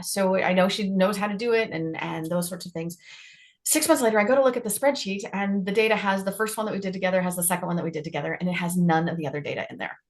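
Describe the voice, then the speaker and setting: A woman co-hosting a leadership podcast, telling a story in a lively way and acting out the dialogue in it. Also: mid-range voice. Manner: animated storyteller, acts out quoted dialogue, repeats herself. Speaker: podcast co-host, leadership trainer. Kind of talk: casual conversation, storytelling.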